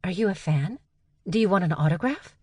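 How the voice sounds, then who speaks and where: A woman voicing a spacey, blunt young woman genius in an audiobook, speaking in a bright, matter-of-fact and guileless way. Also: fairly low pitch, expressive, fairly quick, slightly rough, dry recording, pitched above the performer's own voice. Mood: innocent.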